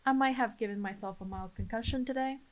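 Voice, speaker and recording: Laid-back higher-voiced woman co-host. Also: fast talker. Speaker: podcast co-host. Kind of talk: casual chat.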